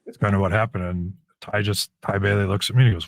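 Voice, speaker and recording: A man with a raspy voice, a guest telling stories casually in an interview and acting out the lines of people in them. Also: lowish voice, quick pace, no room sound. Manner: animated storyteller, acts out quoted lines.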